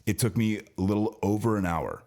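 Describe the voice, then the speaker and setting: Speaking a bit fast in a fairly low, mellow voice, this co-host from California airs his frustrations about his service-department job at a car dealership. The casual podcast story runs long, with plenty of false starts.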